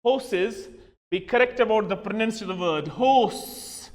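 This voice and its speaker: A man's voice: high voice, brisk, big-room sound. A man teaching a lesson, emphatic, spelling words out letter by letter and slipping into Hindi asides. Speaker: English teacher. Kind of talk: classroom lesson.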